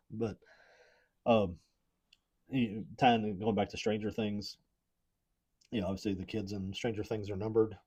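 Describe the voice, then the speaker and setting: A very low-voiced man from Appalachia co-hosts a podcast in loose, rambling chat. He talks at an easy pace, hunting for words and padding his speech with fillers. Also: takes it slowly, pauses often, slightly rough. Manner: relaxed, rambling with many fillers. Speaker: podcast co-host. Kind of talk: casual chat.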